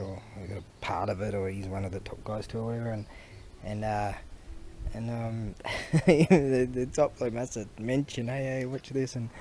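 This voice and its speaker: A man's voice: medium pitch, warm tone, slight background noise. A man, chatting casually in a rambling, storytelling way for his vlog, recorded outdoors on a camera mic. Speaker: vlogger.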